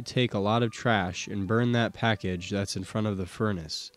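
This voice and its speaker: A man narrating an audiobook, giving a steady, measured first-person reading of historical court testimony. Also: on the low side.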